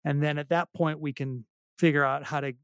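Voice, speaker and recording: A man's voice: a little high, steady tone, fairly quick, smooth, dry recording, studio quality. A middle-aged man talking casually as an interview guest, self-deprecating and rambling with many restarts. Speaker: podcast guest, singer-songwriter.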